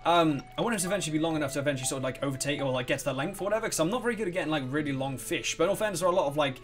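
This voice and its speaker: Fast, excitable gamer guy. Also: on the high side, soft background music. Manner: rambling, excitable, swears freely. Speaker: let's play host. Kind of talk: gameplay commentary.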